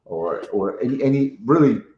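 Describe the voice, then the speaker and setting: A man's voice: medium pitch, animated. A middle-aged man from Ukraine giving a casual interview, emphatic, often tagging "right?" onto his points. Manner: fast, emphatic, keeps adding "right?". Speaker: interviewee, sneaker collector. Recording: roomy, dull sound.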